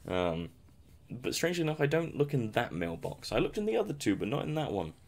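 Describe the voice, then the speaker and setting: A man's voice: mid-range voice, sing-song, brisk. A young man giving casual, rambling commentary over a survival game, self-mocking and chuckling often. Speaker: gameplay commentator.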